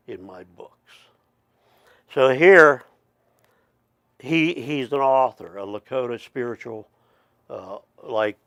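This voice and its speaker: A middle-aged man tells a long personal story at a slow, unhurried pace. His voice has a gravelly, creaky texture and sounds dry and close. He rambles, stops to restart and wanders into asides. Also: mid-range voice, no echo. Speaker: storyteller, Métis chief. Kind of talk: casual spoken storytelling.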